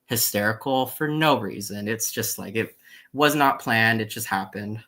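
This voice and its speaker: Male podcast guest, scare actor, low bright tone, loose rambling delivery. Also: moderate pace. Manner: rambling, heavy use of "like". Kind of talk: casual podcast chat.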